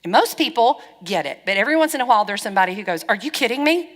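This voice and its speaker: A middle-aged woman pastor preaching a sermon, frank and lively, acting out bits of dialogue as she goes. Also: medium pitch, very fast. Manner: lively, frank, wry storytelling with quoted dialogue. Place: church hall. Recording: long church-hall reverb.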